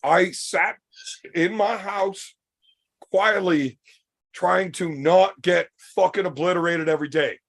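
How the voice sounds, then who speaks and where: Gravelly, profane Canadian man telling stories. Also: high voice, slow pace. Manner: profane, boisterous, rambling anecdotes. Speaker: podcast co-host, arm wrestler. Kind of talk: casual podcast storytelling.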